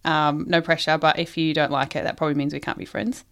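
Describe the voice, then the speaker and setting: A woman's voice: deep voice, steady tone, quick pace, creaky, fairly bright tone. A woman casually telling a long shaggy dog joke, giggling often and rambling with ums and restarts. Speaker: joke teller.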